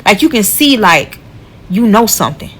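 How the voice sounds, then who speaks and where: Woman, casual storytime, blunt, heavy swearing, animated retelling. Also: medium pitch, moderate pace, slightly rough, rough recording.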